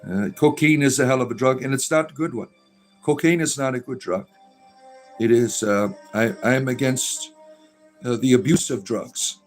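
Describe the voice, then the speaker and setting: A middle-aged man chats loosely on a livestream, reading out viewer comments and answering them. He rambles with frequent fillers and restarts in a mid-range voice. Soft music plays faintly underneath. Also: medium pitch, normal speed. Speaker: livestream host reading chat. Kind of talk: casual livestream chat.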